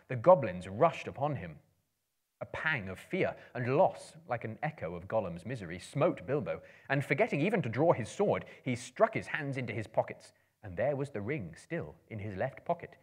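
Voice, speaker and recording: A man giving a theatrical storybook reading to a live audience, swelling and hushing for suspense. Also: mid-range voice, big pitch swings, moderate pace, slightly rough. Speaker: performer of dramatic readings. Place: live performance venue.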